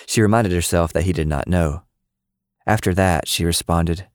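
A man narrates a novel in a steady, measured way. His voice sits very low. The recording is close and dry, with no room sound. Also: no room sound. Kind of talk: scripted audiobook narration.

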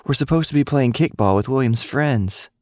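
A man voicing a chatty, excitable young schoolgirl in an audiobook. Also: mid-range voice, normal speed, no room sound, studio quality, voice pushed up, natural voice. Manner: bubbly and impatient. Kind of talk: audiobook character voice.

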